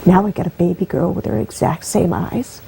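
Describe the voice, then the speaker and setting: Woman guest telling her story, emotional, voice goes up when she gets moved, soft warm tone. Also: lowish voice, a little fast, gravelly, slight background noise, rough recording. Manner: heartfelt, voice rising and breaking with emotion.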